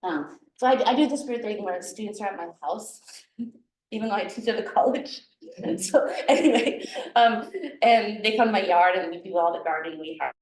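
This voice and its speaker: This woman's voice is medium-pitched, expressive, and a little mellow, moving at a moderate pace and captured far from the mic in an echoey room. She's a Minnesota herbalist and teacher giving a casual, chatty talk to a guild audience at a guild meeting, laughing often and restarting frequently.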